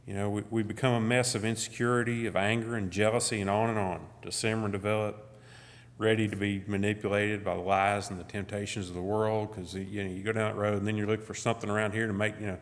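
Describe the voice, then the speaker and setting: A man's voice: lowish voice, steady tone, brisk. A middle-aged man giving a conversational sermon as guest speaker, full of "you know" and restarts. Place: church. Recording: long church hall reverb.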